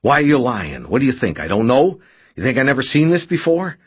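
A man voicing a desperate, injured man who pleads and complains in a rushed, fretful way, raised well above his own low voice. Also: sing-song, slightly rough, exaggerated voice. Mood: pleading.

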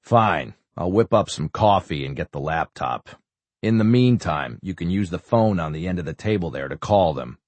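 A man reading an audiobook, voicing a calm, calculating middle-aged official who speaks in a measured, businesslike way. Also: low voice, no room sound. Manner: measured, businesslike, quietly controlling.

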